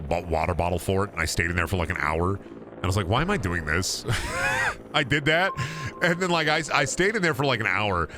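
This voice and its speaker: Young guy on a game stream, lowish voice, rambly and self-mocking, goes loud with fake outrage. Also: a little hiss or hum. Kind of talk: casual gaming stream chatter.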